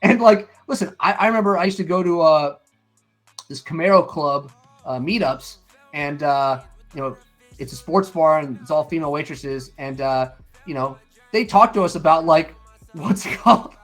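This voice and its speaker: A man's voice: on the high side, normal speed. A middle-aged man with a slightly raised voice tells stories in casual chat. He acts out other people's lines and curses freely. Faint music plays behind him. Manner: animated storyteller, acts out quotes, swears freely. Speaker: stream co-host.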